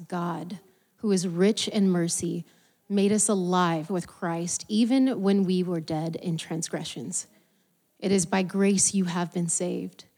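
Scripture reader, woman, lowish voice, mellow tone, measured reading.

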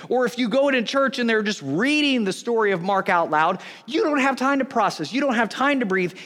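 A man preaching a sermon, animated, acting out the voices of onlookers in the story. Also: high-pitched. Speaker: pastor. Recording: long hall reverb.

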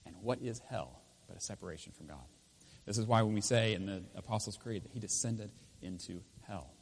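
A male pastor delivers a sermon in a church, his voice sitting low with a husky edge. He swings from loud, emphatic lines down to quiet, intense ones. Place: church with speakers.

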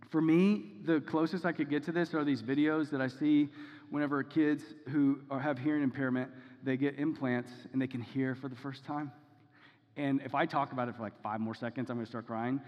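A man with a slightly raised voice delivers a sermon in an easy, conversational way, pausing to ask "okay?" and "right?" The recording is dull, and a long reverb trails each phrase in the hall. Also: on the high side. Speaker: pastor.

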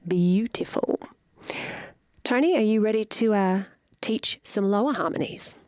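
Patient female host who also leads the singing lesson, slow and dry. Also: medium pitch, darkish tone, no room sound. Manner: slow, patient, counts in singers. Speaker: host and vocal teacher. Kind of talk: casual chat and singing lesson.

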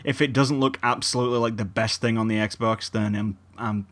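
A man's voice: on the low side, steady tone, fairly quick, fairly bright tone. A man co-hosting a casual gaming podcast, swearing freely, laughing often and rambling through his thoughts. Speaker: podcast co-host. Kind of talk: casual chat.

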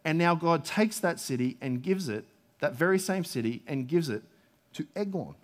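A man preaching a sermon from the pulpit, with a slightly higher voice than most men. He talks in a loose, conversational way, full of asides, questions to the listeners and stammered restarts. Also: expressive, normal speed.

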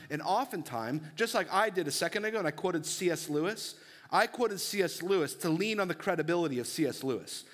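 Young male pastor, fairly high voice, earnest and chatty sermon delivery. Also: a bit bright. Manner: conversational, earnest preaching with casual fillers.

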